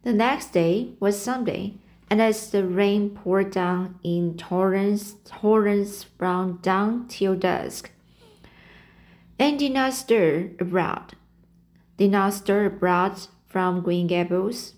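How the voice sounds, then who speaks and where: A woman's voice: medium pitch, takes it slowly, a little mellow. A woman reading a novel aloud to learners, carefully rereading and correcting words and explaining them. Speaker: reading teacher. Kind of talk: slow read-aloud of a novel with word explanations.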